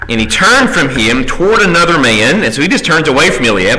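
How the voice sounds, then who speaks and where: A man teaching an adult Sunday school class in a church classroom. He checks in with the class by asking "right?" and slows down when he reads scripture aloud. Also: a little high, very animated, pushed and bright, poor audio. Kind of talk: conversational Bible class teaching.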